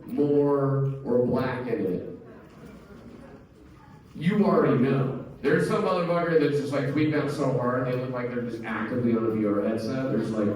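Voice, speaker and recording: A man's voice: medium pitch, normal speed, a little mellow. A man in his thirties doing a stand-up set, loose and crude, rambling with lots of fillers. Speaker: stand-up comedian. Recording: echoey comedy club, distant mic.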